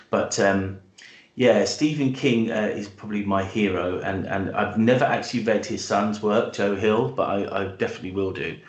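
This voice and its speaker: A man's voice: fairly low pitch, brisk, roomy sound. A British man, a guest author, telling his story in a hesitant, enthusiastic way with many restarts. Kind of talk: casual interview chat and storytelling.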